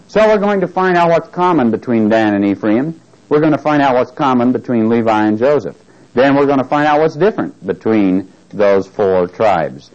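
A man's voice: mid-range voice, darkish tone. A man preaching a Bible study sermon, reading scripture aloud, joking and asking his congregation questions. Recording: dull lo-fi tape recording.

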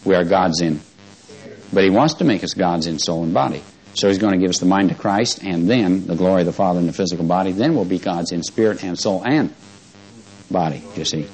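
A man's voice: deep voice, darkish tone, rough recording. Man preaching a conversational sermon. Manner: conversational preaching that swells to emphatic, drawn-out stresses; chuckles often.

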